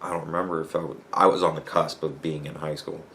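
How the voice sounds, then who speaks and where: A man's voice: a bass voice, little pitch movement, quick pace, a bit bright. Rambling, profane young man. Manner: rambling, profane, laughs while telling stories. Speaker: podcast host. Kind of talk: casual monologue.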